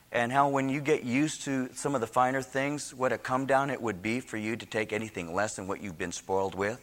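A man's voice: medium pitch, a bit bright. A male pastor preaching a sermon in a folksy way, with joking asides that turn into fervent preaching. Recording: long hall reverb.

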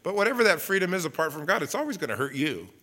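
A man preaching a sermon in church, animated, with conversational asides and acted-out quotes. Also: a little high, rapid-fire. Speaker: pastor.

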